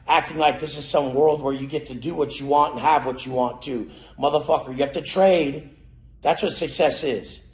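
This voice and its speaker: A man giving a profane, aggressive motivational rant, cursing and yelling at his listeners. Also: a little high. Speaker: motivational speaker. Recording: roomy echo.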